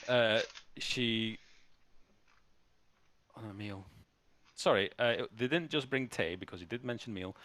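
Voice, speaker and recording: A man narrating a tabletop game as game master, halting and often restarting. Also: fairly low pitch, fairly bright tone, slight background noise.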